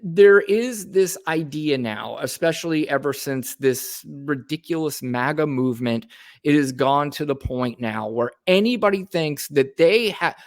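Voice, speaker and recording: A man co-hosting a casual political talk show, ranting in an emphatic, profane way. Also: on the high side. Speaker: co-host.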